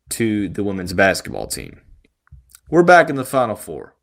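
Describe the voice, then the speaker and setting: A man hosts a sports podcast in an easy, casual way. He talks in a halting but reassuring manner and often restarts his sentences. His voice sits at an average pitch for a man. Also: fairly bright tone. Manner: reassuring, halting, repeats words. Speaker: podcast host.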